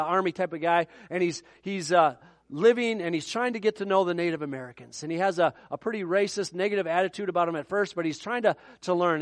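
A man from Minnesota preaching a sermon as the pastor, telling stories with animated, repeating delivery. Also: high voice, no echo. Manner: animated storytelling with repeated words and acted-out quotes.

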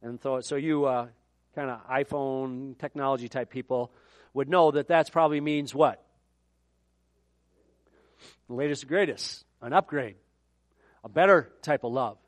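A man's voice: medium pitch, a little slow, long pauses, no echo. A middle-aged man preaching a sermon in a conversational way, with joking asides. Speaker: pastor.

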